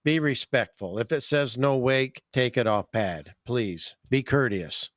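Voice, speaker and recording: A man's voice: mid-range voice, measured pace, a bit bright, dry recording, clean studio sound. A man hosting a fishing podcast, talking in a folksy, enthusiastic way and often repeating his words. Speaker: podcast host, fishing guide. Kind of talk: casual podcast chat.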